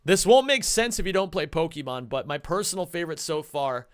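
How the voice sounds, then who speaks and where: High-voiced, excitable male streamer. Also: brisk, clear, resonant tone, no echo, studio quality. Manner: excitable, rambling, swears a lot. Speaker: streamer and speedrunner. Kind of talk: casual live-stream chat.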